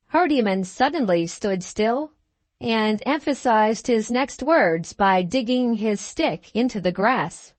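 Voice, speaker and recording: Woman, audiobook narrator, classic novel, measured delivery, higher pitch, dry sound. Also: lively intonation, no echo.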